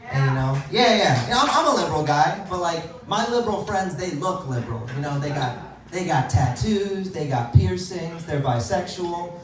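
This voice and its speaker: Self-deprecating stand-up comic, echoey room. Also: male voice, a little high, lively intonation, normal speed, recorded from a distance. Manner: self-deprecating, laughs at own jokes. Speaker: stand-up comedian. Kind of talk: stand-up comedy set. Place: comedy club stage.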